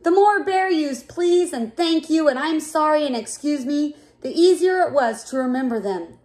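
A woman reading a children's picture book aloud in a clear, expressive way. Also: sits high, moderate pace. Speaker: storyteller.

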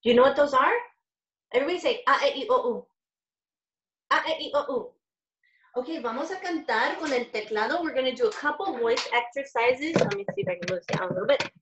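A woman's voice: high-pitched, animated, fast, recorded from a distance, muffled recording. A woman children's music educator from Los Angeles, leading a bilingual lesson that mixes talk and song, upbeat and coaxing as she moves between English and Spanish. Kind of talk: bilingual kids' music lesson, talking and singing. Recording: roomy home stream with guitar and keyboard music.

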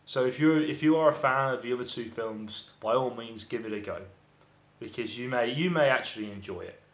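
A man's voice: medium pitch, fairly quick. A man giving a rambling, profanity-laced film review, often exasperated. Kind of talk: casual ranting film review. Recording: echoey room.

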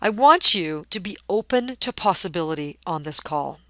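A woman's voice: on the low side, expressive, normal speed, fairly bright tone, no echo. A woman coach giving a recorded webinar training, telling personal stories in an earnest, motivational way. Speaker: business book coach.

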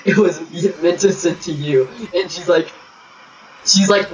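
A young man with a slightly higher voice, trash-talking and joking crudely with his teammates while he plays an online game. He sounds a little far from the mic on a dull, lo-fi recording with faint background hiss. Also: moderate pace. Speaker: gamer streaming with friends. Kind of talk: casual party chat over gameplay.

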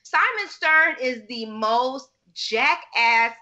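A woman's voice: high voice, animated, slow pace, pushed and bright, lo-fi sound. A young adult woman co-hosting a podcast, chatting casually in an emphatic, slangy way. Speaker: podcast co-host. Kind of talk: casual chat.

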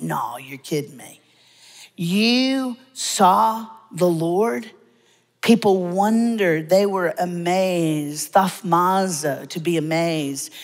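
Lively woman preaching, hall reverb. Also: lowish voice. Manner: lively, humorous storytelling with dramatic pauses. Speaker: guest preacher. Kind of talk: sermon. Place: church sanctuary.

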